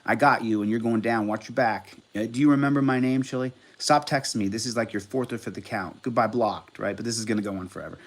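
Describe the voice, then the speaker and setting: A man hosting a casual livestream, talking at an everyday pitch for a man. His delivery is combative and profane, and it swings from loud bursts down to quiet mutters. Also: fast, hardly any pauses. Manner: swings between loud outbursts and low mutters. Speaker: livestream host. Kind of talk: casual livestream commentary reading out texts.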